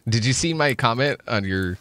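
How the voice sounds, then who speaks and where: A man co-plays a survival game and banters casually, teasing his friend. His pitch moves in a lively way. The sound is close and dry, with no room echo. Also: moderate pace. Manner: teasing, chatty. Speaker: co-player. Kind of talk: casual gameplay chat.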